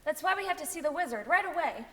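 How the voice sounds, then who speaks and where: A woman's voice: high voice, animated, fast talker, sharp tone, slight background noise. A woman playing an earnest young girl in an amateur stage play, pleading politely, recorded from far away in a hall. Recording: distant stage sound in a reverberant hall.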